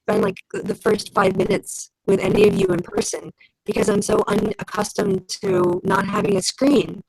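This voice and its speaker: A woman's voice: medium pitch, normal speed, creaky, crowd noise, poor audio. A woman chatting as a guest on a video call, talking effusively and repeating herself as she gushes about friends. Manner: warm, effusive, repetitive, animated. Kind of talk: casual chat.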